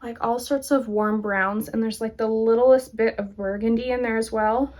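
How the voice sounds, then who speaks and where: A woman's voice: fairly high pitch, steady tone, moderate pace, darkish tone. A woman hosting a knitting podcast, chatting casually and enthusiastically as she shows her projects, laughing often. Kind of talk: casual show-and-tell chat.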